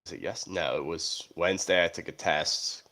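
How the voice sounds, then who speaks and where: A man's voice: low-pitched, normal speed, sharp tone. A young man co-hosting a casual sports podcast from home, sounding stuffy and tired from being sick, telling wry, self-mocking stories. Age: young adult. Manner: wry, self-mocking storyteller with frequent laughs. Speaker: podcast co-host.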